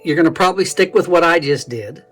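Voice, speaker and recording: A man's voice: a little high, quick pace, over loud music. A man teaching a casual instrument lesson, thinking aloud and correcting himself as he plays. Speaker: music teacher. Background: dulcimer playing.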